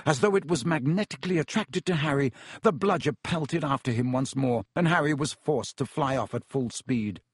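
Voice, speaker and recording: Husky-voiced male audiobook narrator. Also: medium pitch, normal speed, dry recording, clean studio sound. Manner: steady storytelling, doing character voices. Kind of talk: scripted narration.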